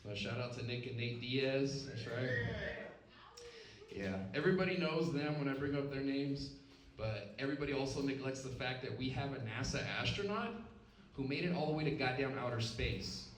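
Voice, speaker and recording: A man's voice: medium pitch, normal speed, recorded from a distance, slight background noise. A stand-up comedian from Stockton, California, performing a live set in a lounge and tagging his punchlines with "right?" and "okay?". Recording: roomy club sound from off-mic, crowd laughter.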